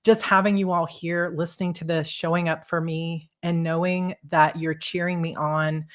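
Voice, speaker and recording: A woman author chatting with her audience, bubbly and excitable with quick restarts, then reading her own novel aloud live. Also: on the low side.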